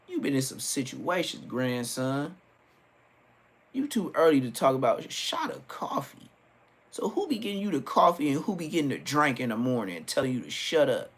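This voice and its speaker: Brief: middle-aged man, livestream host, joking storyteller, mid-pitched. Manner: joking, storytelling with acted-out quotes. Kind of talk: casual livestream rant.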